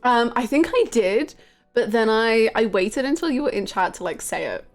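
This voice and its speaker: A woman's voice: fairly high pitch, animated, moderate pace, soft background music. A woman streaming a game live, chatting casually with her viewers in a giggly, rambling way.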